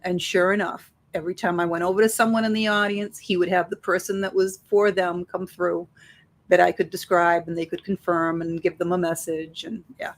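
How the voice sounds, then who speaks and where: Animated woman telling stories in an interview. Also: lowish voice, brisk. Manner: animated, acts out dialogue in her stories. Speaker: psychic medium guest. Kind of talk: conversational interview storytelling.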